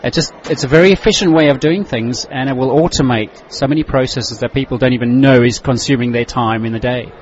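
A man working as a software consultant, explaining his product steadily in a trade-show interview. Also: medium pitch, a little fast, few pauses, highs cut off, a little hiss or hum.

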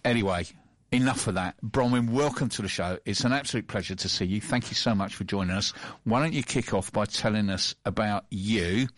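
A man's voice: on the low side, fairly quick, fairly bright tone, no room sound. A man hosting a casual radio chat show, joking and teasing his co-host. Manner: jokey, teasing banter.

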